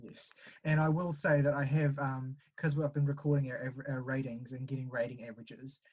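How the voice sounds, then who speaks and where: A man's voice: medium pitch, flat delivery, a little fast, darkish tone, lo-fi sound, a little hiss or hum. A man co-hosting a casual podcast chat, blunt and joking, with swearing. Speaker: podcast co-host.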